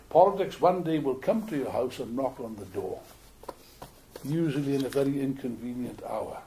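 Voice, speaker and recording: An older man from Wales with a Welsh accent, giving an animated, joking political speech to an audience in a meeting room. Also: sits high. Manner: animated, jokey, repeats words while building points. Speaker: political speaker.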